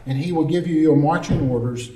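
A man's voice: a little high, brisk, dark tone. A man preaching a sermon as pastor, earnest and storytelling, calling for responses from the congregation. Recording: roomy echo, distant mic.

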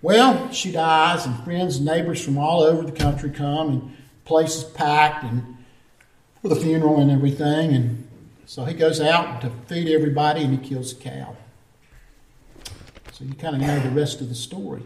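A man's voice: on the high side, normal speed. A man preaching a sermon as pastor, earnest and storytelling, calling for responses from the congregation. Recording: roomy echo, distant mic.

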